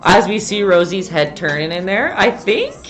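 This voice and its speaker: Sing-song and medium in pitch, her voice moves at a moderate pace over faint background music. The painting instructor hosts a relaxed livestream, chatting, reading comments aloud, and cutting off mid-sentence.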